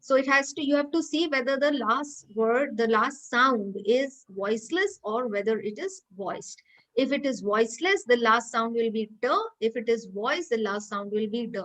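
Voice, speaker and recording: A woman's voice: fairly high pitch, moderate pace, fairly bright tone, rough recording. A woman teaching pronunciation over a video call, explaining rules patiently and quizzing students by name. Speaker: English teacher. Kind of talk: online class teaching.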